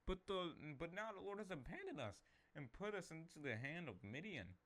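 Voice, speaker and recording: A man's voice: on the high side, very animated, moderate pace, fairly bright tone, pitched above the performer's own voice. A man reading as a frightened pleading young man.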